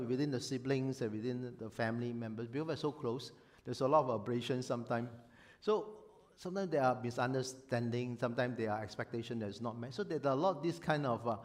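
A man preaching a sermon as a pastor, animated and emphatic, often acting out voices. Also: medium pitch.

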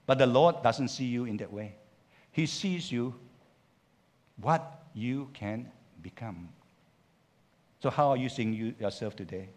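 A male pastor preaching a sermon, swinging from loud urging to quiet asides and acting out biblical speech. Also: mid-range voice, measured pace, long pauses. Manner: animated preaching with big swings in loudness, urging the congregation to repeat lines; acts out biblical characters' speech in quotes.

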